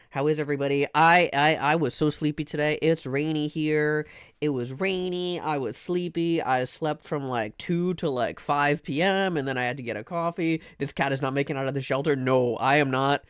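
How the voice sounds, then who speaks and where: A man with a fairly high voice chats on his live stream in a loose, rambling way, tripping over words and circling back to restart sentences. His playful talk sounds close and dry, with no room around it. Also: normal speed, clear, resonant tone, no room sound. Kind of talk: casual live-stream chat.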